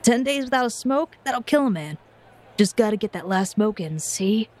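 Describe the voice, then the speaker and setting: Brief: woman as a jittery wisecracking tough-guy smoker, high and cocky. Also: expressive, moderate pace. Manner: old-time tough-guy slang, smirking. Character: cocky nervous male chain-smoker, tough-guy drawl.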